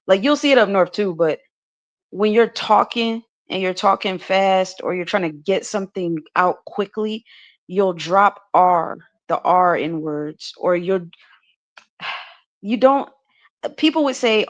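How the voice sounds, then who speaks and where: A woman's voice: mid-range voice, slow, highs cut off. Chatty American woman with lots of fillers. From United States. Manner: talkative, many restarts and "like" fillers, laughs often. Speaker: podcast co-host. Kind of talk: casual podcast chat.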